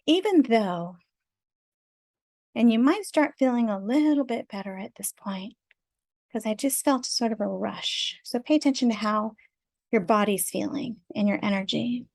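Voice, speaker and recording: Soft-spoken middle-aged woman talking you through a tapping session, kinda high voice, laughs a lot, dry close sound. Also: lively intonation, a little slow, no room sound. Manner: gentle, soothing, affirming, with frequent small laughs. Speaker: tapping practitioner guiding parents. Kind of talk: guided self-help tapping session.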